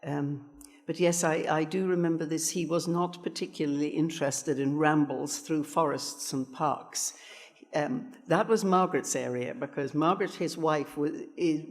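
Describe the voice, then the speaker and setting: A man speaks reflectively on a panel, pausing and restarting as he gathers his thoughts. His voice runs a little high, and it rings with long hall reverb.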